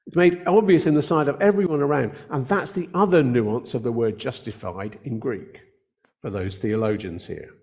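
An older man preaching a sermon, earnest in tone, slowing down to stress key words. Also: medium pitch, a little mellow. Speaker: pastor.

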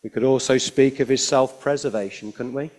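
Expressive male preacher, swinging from emphatic to hushed. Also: medium pitch, a little fast. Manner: frequent rhetorical tag questions. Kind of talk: sermon.

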